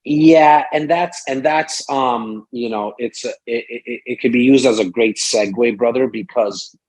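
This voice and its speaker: A man speaks at a middle pitch with a husky, slightly breathy edge to his voice. He talks loosely and animatedly as an interview guest, piling up fillers and acting out little quotes. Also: measured pace, low-quality recording. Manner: rambling, animated, many fillers. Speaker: real estate broker and sales strategist. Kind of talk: casual podcast interview. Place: Toronto, Canada.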